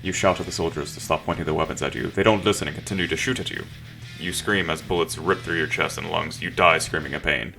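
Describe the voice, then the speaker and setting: A man's voice: a bass voice, steady tone, fast, creaky, sharp tone, faint music behind. A man reading an improvised story game aloud, with dry, joking asides. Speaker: gamer narrating a text adventure.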